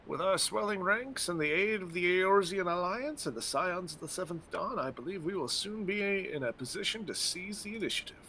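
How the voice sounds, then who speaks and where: A man voicing a steady middle-aged resistance commander, reading game dialogue aloud with a plain, stumbling delivery. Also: high voice, fairly quick, few pauses, slight background noise, voice pushed up, heavily acted. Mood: solemn.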